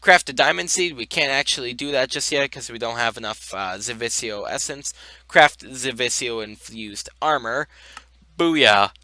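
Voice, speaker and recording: A man's voice: mid-range voice, normal speed, sharp tone, no echo. A tired young man in casual game commentary, rambling with lots of fillers. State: tired, yawning. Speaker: gaming video host.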